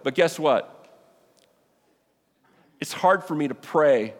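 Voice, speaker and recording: A man preaching a sermon as a pastor, animated and exclamatory, acting out the people in the scripture. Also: fairly high pitch, a little slow, long pauses. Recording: long hall reverb.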